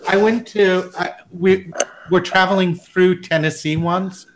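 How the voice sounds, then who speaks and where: A man's voice: high voice, steady tone, unhurried, a little hiss or hum, rough recording. A man chatting as a podcast guest, telling a rambling story with frequent restarts. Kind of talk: casual chat.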